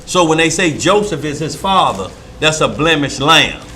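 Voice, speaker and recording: Bible study leader, man, bright and fairly high voice, emphatic folksy preaching, faint room noise. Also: very animated, moderate pace. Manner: emphatic, folksy, often asks if listeners follow. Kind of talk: informal preaching.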